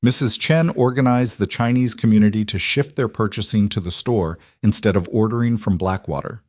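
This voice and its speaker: Male narrator, low voice, dry close sound, measured and earnest, for western tales. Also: darkish tone, no room sound. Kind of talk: scripted storytelling narration.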